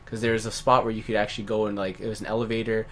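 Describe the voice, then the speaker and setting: A man's voice: fairly low pitch, level tone, rapid-fire, slight background noise. A man co-hosting a let's play, telling a rambling story in casual chat, swearing and laughing often.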